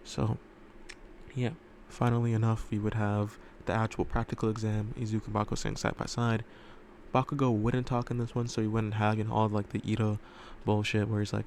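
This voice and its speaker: A man's voice: lowish voice, level tone, a little fast, vocal fry, darkish tone, slight background noise. A man telling a fan story casually, rambling with lots of fillers and loose swearing, recorded in a room at home.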